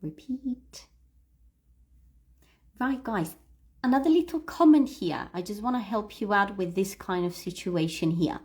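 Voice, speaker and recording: A woman's voice: medium pitch, animated, moderate pace, a little mellow. A woman teaching English pronunciation on a livestream, patiently explaining and modelling words for learners to repeat. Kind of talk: livestream read-aloud lesson.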